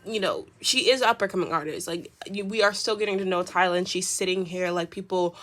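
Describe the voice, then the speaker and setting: A woman's voice: lowish voice, fairly quick, fairly bright tone. Chatty woman giving a tarot reading. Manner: chatty and rambling, with many fillers. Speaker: tarot reader.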